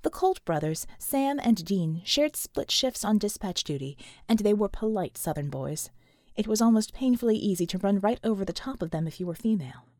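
A woman's voice: mid-range voice, animated, normal speed, darkish tone, no room sound, clean studio sound. A woman reading an action novel aloud as audiobook narrator. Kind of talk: scripted narration.

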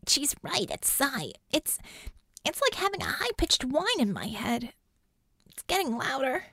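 A woman's voice: sits high, huge pitch swings, unhurried, gravelly, fairly bright tone, dry recording, clean studio sound, voice pushed up, full character voice. A woman narrator voicing an uneasy woman medic who mutters in a strained voice.

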